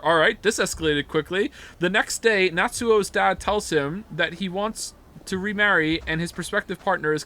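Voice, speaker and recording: Between rounds of play, a male game streamer chats with his viewers in a high, animated voice that leaps around. He rambles, swears freely, and reacts with incredulous disbelief, his tone sharp throughout this live stream chat.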